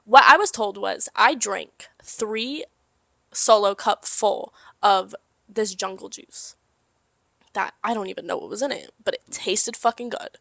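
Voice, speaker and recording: A young woman co-hosting a casual podcast, telling a story in an animated way with lots of swearing and laughter. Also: medium pitch, unhurried, creaky, dry recording. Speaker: podcast co-host. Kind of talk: casual chat.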